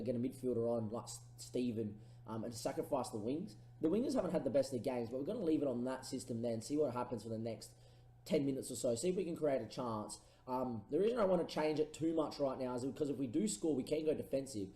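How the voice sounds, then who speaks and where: A man's voice: medium pitch, reverberant, poor audio. A man casually commentating his own football management game, thinking aloud through his tactics. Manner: thinks aloud, erupts into excited goal calls. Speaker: gaming streamer.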